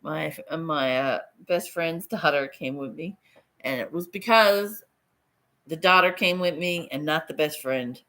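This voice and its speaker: Streaming casually from her phone, a middle-aged woman rambles, swears offhandedly and laughs a lot. Her voice is low, unhurried and fairly bright.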